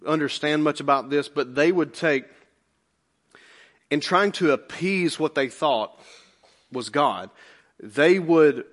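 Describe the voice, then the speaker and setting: A male pastor delivering a conversational, emphatic sermon with humor and rhetorical questions. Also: on the high side.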